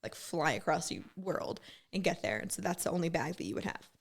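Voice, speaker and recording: A woman's voice: fairly low pitch, expressive, brisk, vocal fry, breathy edge. A woman, a former military gunner, telling blunt, profane stories in a casual podcast chat. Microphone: studio podcast mic.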